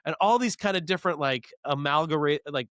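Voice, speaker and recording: Animated man telling a story. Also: a little high, brisk, dry recording. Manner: animated storyteller, acts out past scenes. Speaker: guest. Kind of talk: casual storytelling interview.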